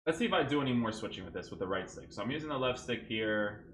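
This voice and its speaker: A man's voice: mid-range voice, animated, fast, a bit bright, slight background noise. Guy venting about his game clips, voice jumps up and down a lot, echoey room. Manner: exasperated, ranting, keeps asking "right?". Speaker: gaming YouTuber reviewing his own clips. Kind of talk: frustrated gameplay commentary.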